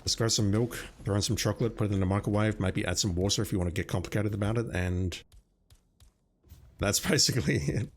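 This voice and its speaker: A man's voice: on the low side, steady tone, quick pace. A man with an Australian accent chatting casually with his viewers while playing a game, self-deprecating and talkative. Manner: chatty, self-deprecating, talks to chat by name. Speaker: streamer. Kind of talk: casual gameplay commentary.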